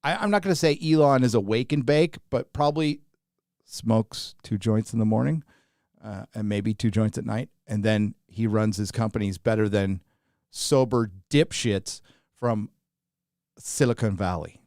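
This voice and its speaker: Reading out viewer names, a sleep-deprived, weary man hosting a livestream rambles in relaxed chat. He speaks unhurriedly in a lowish, darkish voice, captured in a dry, clean studio recording.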